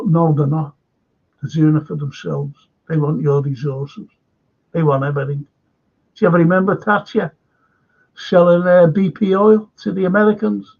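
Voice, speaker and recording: An older Liverpudlian man hosts a casual live stream, his voice gravelly and husky and pitched a little high for a man. He rambles through opinions and greets chatters by name, and it all comes through dull, lo-fi stream audio. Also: moderate pace, darkish tone. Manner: rambling, chatty, greets viewers and reads chat comments. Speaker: live stream current affairs host.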